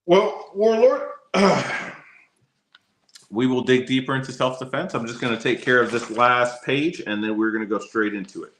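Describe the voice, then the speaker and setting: Male attorney, casual lesson host, bright tone, echoey room. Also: medium pitch, fairly even intonation, brisk, hardly any pauses, slight background noise. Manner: casual, chatty, addresses his co-host by name often. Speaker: attorney teaching law. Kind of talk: casual livestream law lesson.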